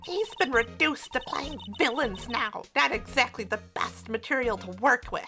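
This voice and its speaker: A woman voicing a cranky, nosy old female security guard with a croaky, scolding voice who grumbles about young people. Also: a little high, expressive, moderate pace, over music. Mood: gossipy. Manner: grumbling, lecturing about youths.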